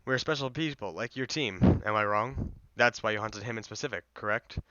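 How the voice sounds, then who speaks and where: A calm, defiant young man, read by a man pressing a demon with blunt questions, in a bright, smooth voice. The recording is dry and a little dull. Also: fairly low pitch, moderate pace, dry recording. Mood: demanding. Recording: slightly dull lo-fi mic, dry.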